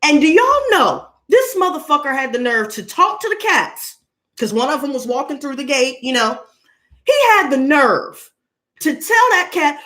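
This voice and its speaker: A young woman who hosts a tarot channel tells a story in a casual vlog, talking loudly and swearing a lot. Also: sits high, moderate pace. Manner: loud, profane, animated storyteller. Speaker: tarot reader and channel host.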